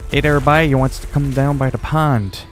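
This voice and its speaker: A man putting on a loud Newfoundland drawl. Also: mid-range voice, fairly even intonation, normal speed, faint music behind, pitched above the performer's own voice, natural voice. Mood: teasing. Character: brash teasing Newfoundland schoolboy, loud.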